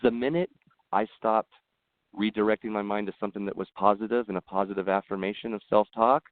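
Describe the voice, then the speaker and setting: A man who is a podcast guest, talking earnestly in casual conversation and telling animated stories with frequent restarts. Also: on the low side, quick pace, no room sound. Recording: tinny phone-like line.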